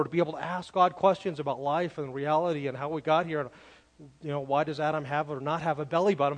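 A man's voice: a little high, quick pace. A man preaching a sermon as a pastor, earnest and emphatic, often restarting his phrases as he builds a point. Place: church. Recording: long hall reverb.

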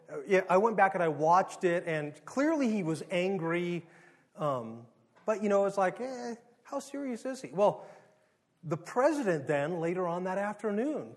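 High-voiced man preaching in a conversational way. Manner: conversational preaching with rhetorical questions and sudden rises in volume. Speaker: pastor. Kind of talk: sermon.

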